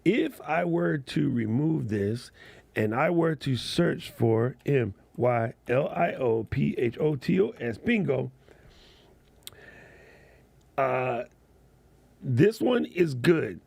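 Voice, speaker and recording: A man's voice: mid-range voice, expressive, slow, vocal fry, pauses often, darkish tone, no room sound. A man hosting a casual livestream chat as a content creator, laid-back and slangy, laughing often.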